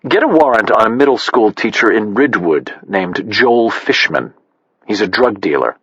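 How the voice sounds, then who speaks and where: A man's voice: lowish voice, lively intonation, normal speed, fairly bright tone, breathy edge, no room sound, heavily acted. A man voicing a wry, dogged sports agent who talks in a dry, matter-of-fact way, in an audiobook. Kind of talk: audiobook character voice. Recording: dull, slightly muffled.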